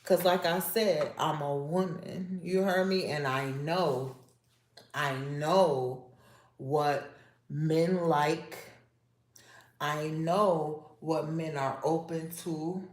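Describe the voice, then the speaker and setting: A woman hosting a casual livestream, talking slowly and repeating herself as she confides in viewers and asks them nosy questions. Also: deep voice. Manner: slow, repetitive, confiding and nosy. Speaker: livestream host. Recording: echoey room with faint noise.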